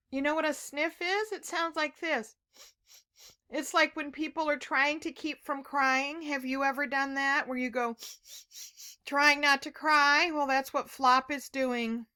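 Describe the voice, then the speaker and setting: Bright, slow-paced teacher reading to kids. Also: female voice, high voice. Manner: gentle, encouraging, asks the listener questions. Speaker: children's teacher reading aloud. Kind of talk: read-aloud story lesson for kids.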